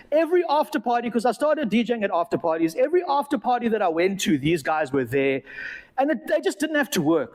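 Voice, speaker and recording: A man with a South African accent giving a live testimony to an audience, telling his story in a direct, animated way. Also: on the high side, long reverb tail. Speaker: speaker giving a personal testimony.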